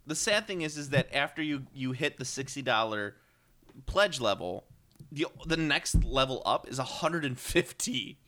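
A man's voice: medium pitch, expressive, normal speed, sharp tone. A man co-hosting a casual podcast chat, rambling with ums and self-corrections and cracking wry jokes. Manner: wry, joking. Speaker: podcast co-host.

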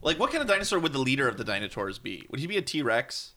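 A man's voice: medium pitch, very animated, quick pace, background noise. A man co-hosting a gaming podcast in casual banter, rambling and often laughing. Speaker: podcast co-host.

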